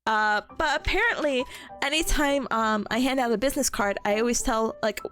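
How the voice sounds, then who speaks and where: Recapping a convention trip in a casual stream, this VTuber speaks at a normal speed with a fairly high pitch. She giggles constantly, stays animated, and keeps tripping over repeated words and restarting.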